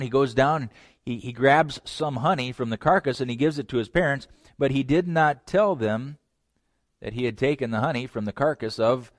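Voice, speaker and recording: A man preaching a sermon, retelling a scripture story with lively acted-out lines and direct asides to his listeners. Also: mid-range voice, no echo, clean studio sound. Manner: animated storytelling, acts out voices; direct address to young men. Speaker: pastor.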